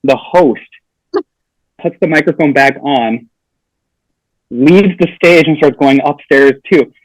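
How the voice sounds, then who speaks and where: A man's voice: fairly high pitch, takes it slowly, no echo, rough recording. A man telling a funny story on a podcast, acting out the lines of the people in it. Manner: animated storyteller acting out quotes. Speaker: comedian guest.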